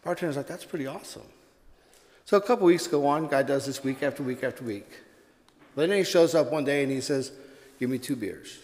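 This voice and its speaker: A man's voice: on the high side, fast talker, darkish tone, big-room sound. A man, a pastor, giving a sermon, telling a joke before moving into earnest preaching.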